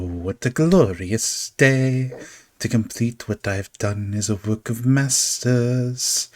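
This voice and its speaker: A man's voice: mid-range voice, a little mellow. A man voicing a flamboyant, whimsical male showman in a tabletop game, talking in a theatrical, sing-song way. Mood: dreamy sing-song.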